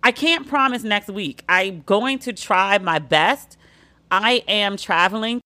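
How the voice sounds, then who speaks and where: A woman's voice: medium pitch, slow, bright, forceful tone. Sassy sarcastic woman podcaster. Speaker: podcast host. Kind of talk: solo pop-culture commentary.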